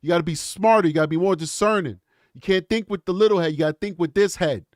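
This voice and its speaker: A man's voice: sits high, quick pace, dry recording, clean studio sound. A man hosting a live true crime stream, reacting bluntly and casually, often calling the audience bro and man. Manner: animated, blunt, calls listeners bro and man.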